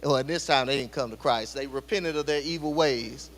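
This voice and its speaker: A man's voice: mid-range voice, a little fast, fairly bright tone. A man preaching a sermon in a church, addressing the congregation directly with repeated rhetorical questions. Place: church sanctuary. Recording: long church hall reverb.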